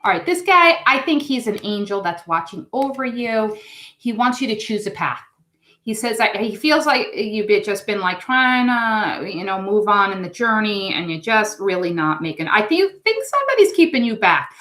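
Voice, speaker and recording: Woman, tarot reader, rambling, effusive, mid pitch, echoey room. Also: moderate pace, pushed and bright. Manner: chatty, rambling, emotional and effusive. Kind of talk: live tarot reading chat.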